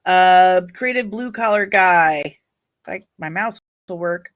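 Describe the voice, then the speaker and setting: Slow-talking woman hosting a livestream. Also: lowish voice. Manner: opinionated and chatty, reacting to viewer comments. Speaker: livestream host reading chat. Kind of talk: casual livestream chat.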